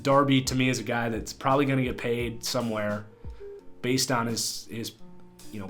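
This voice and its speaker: A man's voice: on the low side, steady tone, fairly quick, fairly bright tone. A man hosting a casual football analysis video, talking loosely with a stuffed-up, nasal voice. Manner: loose, conversational, with fillers. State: nasal from a cold. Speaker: sports video host. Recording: faint guitar music behind.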